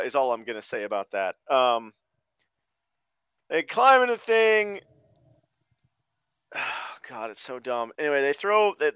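In casual podcast chat, this male host delivers sarcastic, exasperated, profane rants about a bad movie. His smooth voice is a little high and a bit bright, and the dry recording has no echo but sounds dull and lo-fi.

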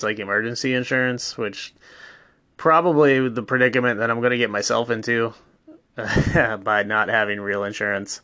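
A man's voice: lowish voice, no room sound. Rambling, profane man podcasting at home. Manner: rambling, profane, deadpan mock-ad delivery. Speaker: podcast host. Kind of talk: casual solo podcast rambling. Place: home with pets around.

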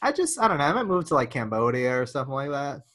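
Brief: fast-talking man in his thirties, bright tense tone, profane podcast ranter. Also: mid-range voice, big pitch swings. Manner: profane, ranting storyteller, lots of "dude". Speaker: podcast co-host. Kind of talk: casual podcast chat.

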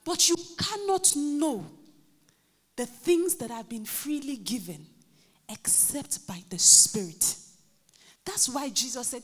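A Nigerian woman pastor preaching a lively sermon, acting out quotes and joking with her congregation. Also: high voice, slow pace, pauses often, breathy edge. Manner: animated, acts out quotes, jokes with the congregation. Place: church hall. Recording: reverberant church hall.

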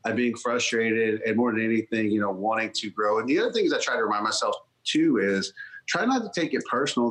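A man's voice: mid-range voice, fairly bright tone, poor audio. A man, a strength coach guest, talking bluntly and profanely in casual podcast chat.

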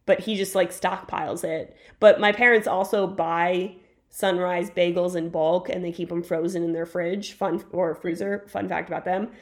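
A woman's voice: on the low side, fairly even intonation, moderate pace. A woman co-hosting a podcast in casual chat, telling stories emphatically and laughing often. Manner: enthusiastic storyteller, emphatic and laughing. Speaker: podcast co-host.

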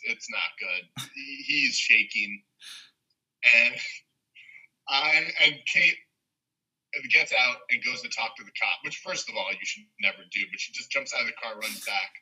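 A man's voice: mid-range voice, a little slow, sharp tone, slightly rough. A young man telling a rambling story in casual chat on a podcast, laughing often. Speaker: podcast co-host. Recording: dull lo-fi sound.

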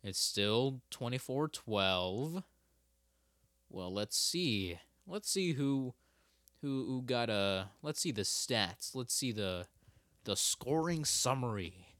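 A man's voice: medium pitch, a bit bright, no room sound, studio quality. A young man hosting a casual solo podcast, rambling and stopping himself mid-sentence, cursing freely. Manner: rambling, self-interrupting, swears a lot. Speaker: podcast host.

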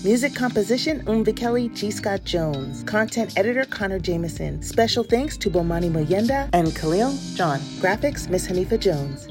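A woman reading a quote and the podcast credits in a steady, announcing manner. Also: on the low side. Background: music.

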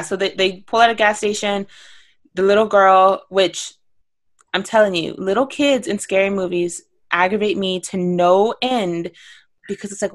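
A young woman co-hosting a casual podcast, talking animatedly with lots of fillers and exasperated asides. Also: mid-range voice. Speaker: podcast co-host. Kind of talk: casual chat.

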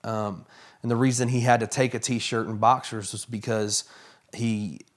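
A man telling a personal story as a guest in a conversation, earnest and halting with many fillers. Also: on the low side, level tone.

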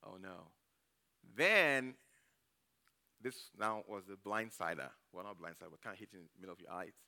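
Male church elder preaching, bright forceful tone, crisp clear delivery, conversational, keeps asking "okay?". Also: fairly low pitch, animated, fairly quick. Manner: chatty, checks in with "okay?" and "you know". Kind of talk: conversational sermon with Bible retelling.

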